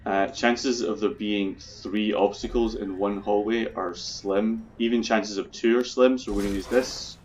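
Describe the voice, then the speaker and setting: A man's voice: lowish voice, steady tone, unhurried, few pauses, darkish tone, slight background noise. A man casually commenting on his own gameplay, chatty, swearing freely and talking through his plans. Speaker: video game let's player.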